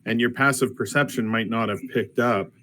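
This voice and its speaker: A man's voice: medium pitch, moderate pace, sharp tone. A man playing a tabletop game, questioning another player methodically and repeating himself as he thinks. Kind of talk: tabletop game play over voice chat.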